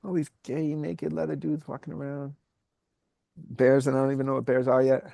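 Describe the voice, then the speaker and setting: A man with a New York accent, a podcast guest telling a personal story in a candid, animated way, acting out what people said. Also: medium pitch, moderate pace, creaky, no room sound. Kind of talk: casual storytelling.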